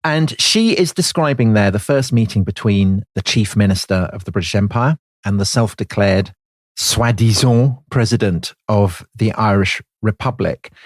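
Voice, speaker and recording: A man's voice: fairly low pitch, normal speed, no echo, clean studio sound. A man co-hosting a history podcast, chatting in a wry, teasing way. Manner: wry, teasing, lively banter. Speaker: podcast co-host.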